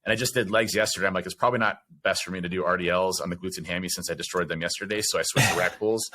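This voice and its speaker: Bright, rapid-talking podcast co-host. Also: male voice, sits low, steady tone. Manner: upbeat, rambling, lots of fillers like "you know" and "uh". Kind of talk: casual chat.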